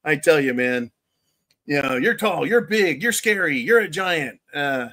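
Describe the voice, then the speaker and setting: A man's voice: a little high, lively intonation, a little slow, pushed and bright. A man hosting a casual political commentary livestream, rambling and sarcastic as he reads viewer chat. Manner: rambling and sarcastic, with chuckles and mocking asides. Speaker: livestream show host reading viewer chat.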